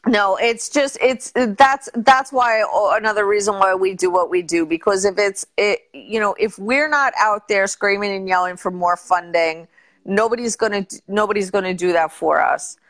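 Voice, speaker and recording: A woman's voice: medium pitch, normal speed, fairly bright tone. A woman guest and patient advocate talking candidly and earnestly, often trailing off and restarting. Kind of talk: casual interview chat.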